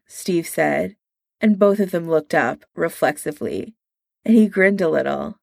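A woman reading a story aloud in a calm, measured way. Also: low voice, gravelly, no room sound, studio quality. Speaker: narrator.

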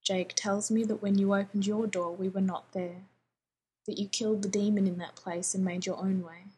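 A woman voicing a grave older male gunslinger who speaks slowly, cautiously and formally. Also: medium pitch, level tone, darkish tone, husky. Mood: solemn. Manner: slow and cautious.

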